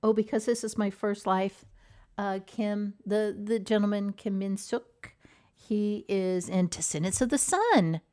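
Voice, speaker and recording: A woman hosting a relaxed chat show, speaking at an unhurried, easy pace. She rambles from thought to thought, often trailing off with fillers, soft laughs and sighs. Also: mid-range voice, smooth. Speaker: host. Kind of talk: casual chat about TV dramas.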